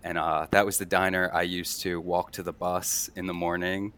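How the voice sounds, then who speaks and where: A man's voice: low voice, flat delivery, moderate pace, a bit bright. A man with a Philadelphia-area accent telling stories in a rambling casual chat, with many fillers and laughs. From Delaware County, Pennsylvania.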